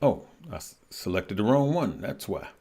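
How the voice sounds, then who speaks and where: Male livestream host, lowish voice, loose and chatty, reads comments and thinks aloud. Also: very animated, normal speed, mellow, slightly rough. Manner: chatty, laughs often, greets viewers by name; thinks aloud, trails off while checking charts. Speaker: livestream host for stock and crypto trading. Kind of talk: casual live-stream chat reading viewer comments.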